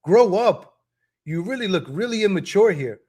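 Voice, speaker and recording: Brief: man, higher-pitched voice, casual live-stream host, chatty and scolding. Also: animated, normal speed, darkish tone, slightly rough. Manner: talks straight to viewers, scolding and chuckling; repeats himself with tag questions.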